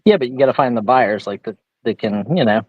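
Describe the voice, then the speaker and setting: A man's voice: medium pitch, animated, brisk, narrow, tinny audio. Chatty man hosting a live sale. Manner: chatty storyteller showing items. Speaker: host. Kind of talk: casual live-stream chat.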